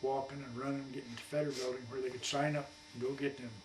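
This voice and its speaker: A man's voice: mid-range voice, flat delivery, racing. A man in his eighties, a war veteran, telling rambling folksy stories for an oral history interview at his home. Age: 80s. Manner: rambling folksy colloquial storyteller. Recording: echoey room, distant mic, faint hum.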